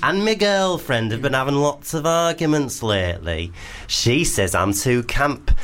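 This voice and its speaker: A man's voice: mid-range voice, animated, a little slow, a bit bright. A man voicing a nervous, camp young man from Leeds, reading out a letter in a sing-song attempted Leeds accent. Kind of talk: radio show bit.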